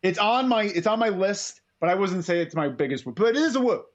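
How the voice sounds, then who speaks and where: A man's voice: sits high, animated, fairly quick, muffled recording. A man co-hosting a wrestling podcast, chatting casually in an upbeat, joking way and plugging the show. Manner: upbeat, jokey, plugs the show. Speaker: podcast co-host. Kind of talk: casual post-show chat.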